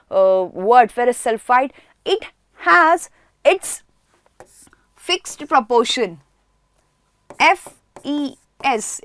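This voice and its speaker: A woman's voice: high-pitched, a bit bright, no echo, studio quality. A woman teaching a chemistry class online, who asks questions and answers them herself and repeats key words for emphasis.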